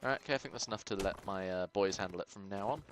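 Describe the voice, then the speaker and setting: A man giving casual commentary on his game, excitable, muttering to himself and swearing. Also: low-pitched, very fast, noisy background. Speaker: gaming channel host.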